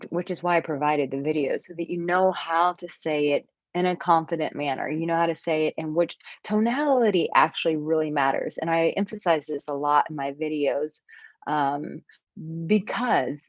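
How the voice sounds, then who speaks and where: Female dating coach, thirties, low-pitched, casual live-stream patter, muffled lo-fi sound. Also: no room sound. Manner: breezy, chatty, reads viewer comments aloud. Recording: dull, dry lo-fi stream audio.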